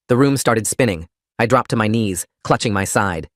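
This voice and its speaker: A man narrating a first-person story in a steady, plain reading voice. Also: lowish voice, normal speed, slight background noise.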